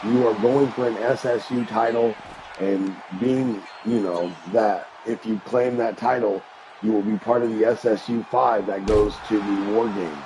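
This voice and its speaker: A man doing hyped play-by-play commentary on a live-streamed wrestling game, rising into shouts on big moments. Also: fairly low pitch, steady tone, a little slow, noisy background. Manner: hyped announcer delivery that rises to shouts.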